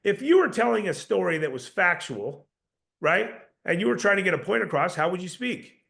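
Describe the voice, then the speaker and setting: A man's voice: sits high, big pitch swings, moderate pace, gravelly, a bit bright. A man coaching door-to-door salespeople, emphatic and confident, often repeating words as he starts a sentence. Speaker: sales trainer.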